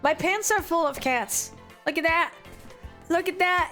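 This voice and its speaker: Young French-accented woman streamer, high-pitched, rambling casual chat over faint background music. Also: measured pace, pushed and bright. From France. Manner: rambling and giggly, reading chat aloud.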